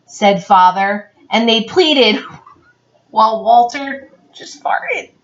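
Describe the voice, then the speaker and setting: A woman reading a picture book aloud in a giggly, playful and animated way. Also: a little high, slow pace. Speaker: read-aloud reader. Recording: dull lo-fi recording.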